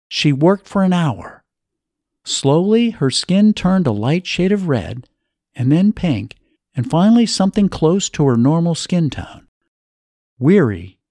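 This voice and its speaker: A man narrating an audiobook in an expressive storytelling manner. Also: a little high, no room sound, studio quality.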